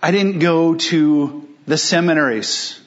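Pastor, male, mid-high voice, emphatic preaching with rhetorical questions; muffled lo-fi sermon recording. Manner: emphatic, with rhetorical questions and slowed key phrases.

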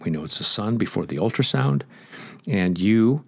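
A man with a fairly low voice preaches a sermon with emphasis. He puts direct questions to his listeners. The sound is dry and close, with no room around it. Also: animated, normal speed, a little mellow, husky, no echo.

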